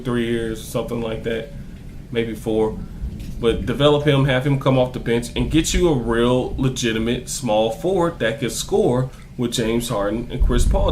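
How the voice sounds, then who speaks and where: A man's voice: medium pitch, a little hiss or hum. Heated man ranting about basketball. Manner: heated, profane, repetitive emphasis. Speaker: basketball fan vlogger. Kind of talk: ranting sports commentary to camera.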